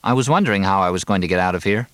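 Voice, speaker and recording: A man's voice: low voice, racing, a bit bright, no room sound. Man playing a tired young son.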